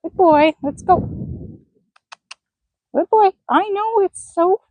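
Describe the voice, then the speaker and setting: A woman horse trainer talking through a training session, praising and coaxing the horse in a soft, encouraging voice. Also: very high-pitched, slow, dry recording, narrow, tinny audio. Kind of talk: live commentary while training a horse.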